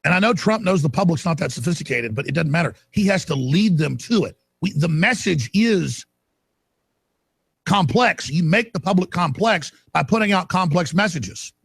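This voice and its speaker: A male talk radio host tears into a heated monologue and lets it climb into shouts. His voice sits high and gravelly with a husky edge. The sound is close and dry, with no room around it. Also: animated, moderate pace, no echo. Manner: ranting, fiery, shouts at peaks.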